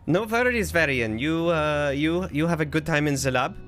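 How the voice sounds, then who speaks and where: A man's voice: fairly high pitch, expressive, normal speed, a bit bright, faint music behind, pitched above the performer's own voice. A man doing a hammy fake German accent. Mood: jovial. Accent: put-on German. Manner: exaggerated, hammy.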